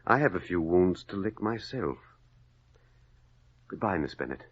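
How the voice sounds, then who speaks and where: A cool, proud gentleman. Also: sits low, sing-song, a little slow, heavy background noise. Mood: cold. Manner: cool and cutting. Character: proud, aloof young gentleman suitor. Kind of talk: 1940s radio acting. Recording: dull old radio broadcast.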